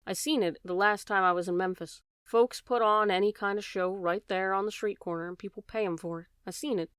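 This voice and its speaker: A woman reading aloud and voicing a poor young boy with plain, pleading speech that breaks into shouting. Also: mid-range voice, steady tone, brisk, clear, resonant tone, no echo, studio quality, close to an everyday voice. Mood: eager.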